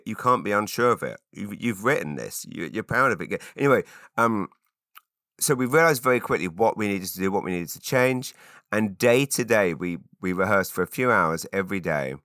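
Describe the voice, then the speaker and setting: A middle-aged man hosts a solo podcast, wandering from topic to topic with frequent fillers and false starts. His voice sits low but has a bright, forceful edge. The recording is close and dry. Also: no room sound. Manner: rambling, many fillers and restarts. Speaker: podcast host. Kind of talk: casual solo chat.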